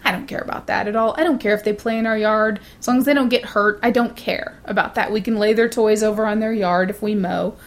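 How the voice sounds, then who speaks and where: Blunt, salty-tongued woman telling a story. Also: a little high. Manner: blunt, swears freely, acts out quoted voices. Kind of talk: casual storytelling chat.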